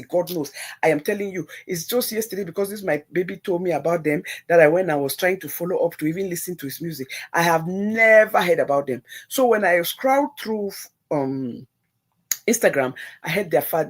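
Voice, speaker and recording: A woman with a Nigerian accent hosting a livestream, giving opinionated solo commentary in an animated way, slipping into Pidgin and mocking others' voices. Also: lowish voice. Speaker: livestream host.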